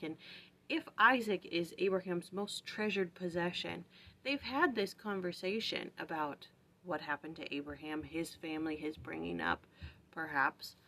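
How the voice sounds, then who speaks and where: A woman's voice: on the low side, a bit bright. A woman hosting a casual morning scripture-study vlog at home, thinking aloud with lots of "like" and "right?". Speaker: vlog host.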